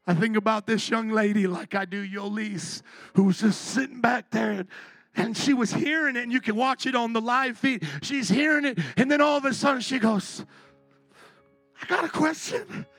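A man preaching a sermon as pastor, impassioned, swinging from quiet and tender to shouting. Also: extremely high pitch, fairly even intonation, moderate pace, vocal fry, no echo, faint music behind.

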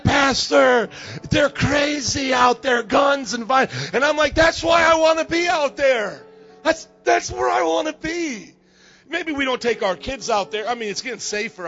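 A man's voice: high voice, highs cut off. A male pastor preaching with energy, calling the congregation to respond. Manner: energetic, call-and-response, rousing. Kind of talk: sermon.

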